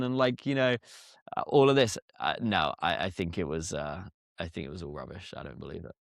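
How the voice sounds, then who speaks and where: A young English man, a podcast guest, chatting casually with laughing asides and quick restarts. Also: lowish voice, no echo, clean studio sound. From England. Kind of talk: casual interview chat.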